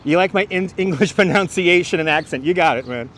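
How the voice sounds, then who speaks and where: On a walking livestream, a middle-aged New York man with a slight accent chats with viewers and answers comments as he moves through the city. His high, slightly bright voice runs a little fast. He wears a wireless clip-on mic, and faint street noise can be heard outdoors.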